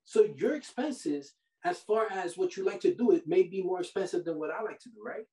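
A man hosting a podcast. He gives money advice in a casual, animated, preachy way, full of slang like "bro" and "yo". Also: high-pitched, fairly quick, far from the mic. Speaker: podcast host. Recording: roomy sound from off the mic.

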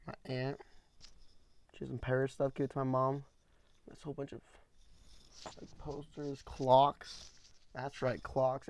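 A young man hosting a casual solo podcast from a small room at home, rambling in relaxed slang. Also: medium pitch. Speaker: podcast host.

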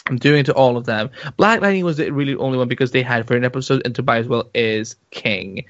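A man co-hosting a casual podcast, talking in an animated, excitable way with many restarts. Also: mid-range voice, fast, dry recording. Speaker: podcast co-host. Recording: dull muffled lo-fi sound.

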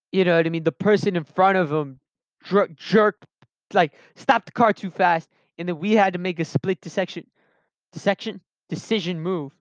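A man's voice: high-pitched, clean tone, no room sound. A young man in his late teens telling a personal story casually, rambling with lots of restarts and fillers, on a dull lo-fi recording.

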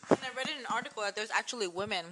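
A woman's voice: mid-range voice, very fast. Blunt, profane woman with faint hiss. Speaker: podcast co-host. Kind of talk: casual crude chat.

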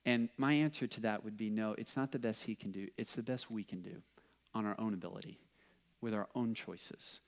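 A young man preaching a casual sermon, telling stories with lots of fillers and animated asides. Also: on the low side. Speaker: pastor.

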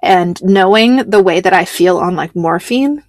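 A woman's voice: lowish voice, normal speed, no echo. A woman hosting a casual podcast, rambling through a show recap, laughing often and swearing casually. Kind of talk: casual chat.

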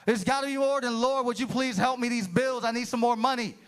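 A man's voice: very high-pitched, brisk, clean tone. A man pastor preaching an impassioned sermon to a church congregation, calling out to the room. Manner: impassioned preaching, calls to the room, rising and falling. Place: church sanctuary.

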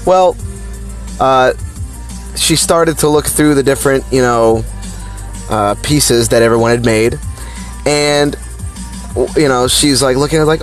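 A man telling a personal childhood story in a rambling, animated way, with lots of fillers and restarts. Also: medium pitch, unhurried, long pauses, soft background music.

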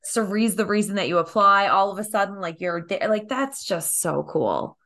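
A woman's voice: mid-range voice, lively intonation, normal speed, a bit bright. A woman hosting a casual interview. She reacts to her guest with enthusiastic support. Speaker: podcast host.

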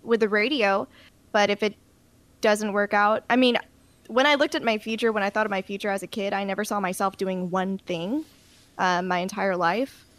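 A woman's voice: medium pitch, fairly even intonation, moderate pace, dry recording. A young woman in radio chatting casually, rambling a little with frequent ums as she talks about her career plans. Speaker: radio news presenter. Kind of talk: casual chat.

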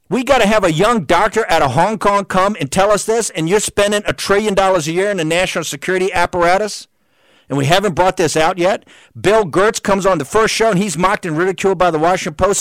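A man's voice: high-pitched, a bit bright, no echo. A man hosting a talk show, delivering a heated, combative political rant full of repeated rhetorical questions. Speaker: show host.

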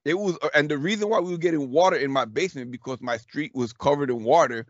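A man in his thirties telling a story in casual chat. He is animated, swears freely, laughs often and acts out what people said. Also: on the high side, quick pace, no room sound. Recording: dull, dry lo-fi recording.

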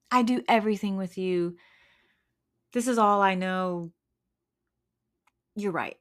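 A woman voicing an earnest young male eagle raised among chickens, talking in an eager, pleading way. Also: lowish voice. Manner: eager, pleading, then deflated.

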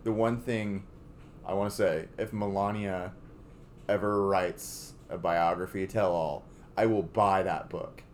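A man's voice: low voice, steady tone, unhurried, slight background noise. A man co-hosting a podcast in casual chat, profane and opinionated, speeding up when he rants. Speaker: podcast co-host.

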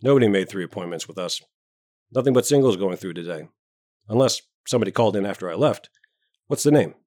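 A man reading a story aloud, voicing a towering, self-important male doctor with a booming, hearty manner. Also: expressive, quick pace, dark tone, no echo, clean studio sound. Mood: jovial. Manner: hearty, booming, bluff joviality.

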